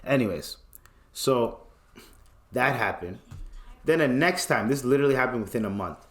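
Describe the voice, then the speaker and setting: A man's voice: medium pitch, animated, moderate pace. A young man, hosting a podcast and telling a loose, profane story while acting out the voices of the people in it. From Canada. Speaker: podcast host. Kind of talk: casual storytelling. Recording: roomy echo.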